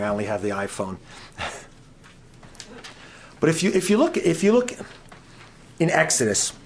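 A middle-aged man preaching a sermon as a guest speaker, quizzing the audience and swinging between soft asides and loud emphasis. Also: medium pitch, a little hiss or hum.

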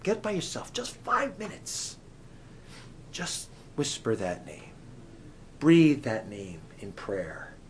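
A man preaching a sermon at a camp meeting, dramatic and full of questions to his listeners, swinging from loud cries to hushed whispers. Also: fairly high pitch, a little hiss or hum. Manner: asks the audience many questions.

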